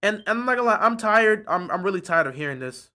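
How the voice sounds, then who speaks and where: Fan host on a live reaction stream: bright, sharp tone, sarcastic, fed up, repeats himself for effect. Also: mid-range voice, animated, fast talker. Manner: frustrated, sarcastic and repetitive.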